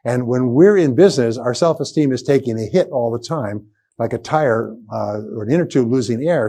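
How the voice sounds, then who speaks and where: A man's voice: medium pitch, fairly quick, mellow. A man giving a live seminar lecture as a motivational speaker, emphatic and repetitive as he drills key phrases home. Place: seminar room with a live audience.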